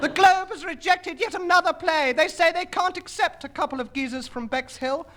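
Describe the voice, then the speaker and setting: A man in falsetto as a shrill nagging wife. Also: normal speed. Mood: bossy. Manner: squeaky falsetto, sing-song. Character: shrill nagging wife, woman, middle-aged. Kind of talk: 1970s radio comedy sketch. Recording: loud hiss on an old vinyl record.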